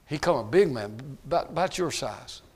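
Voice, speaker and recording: A middle-aged man preaching a folksy sermon, dropping to quiet asides and rising to loud shouts. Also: medium pitch, lively intonation, normal speed.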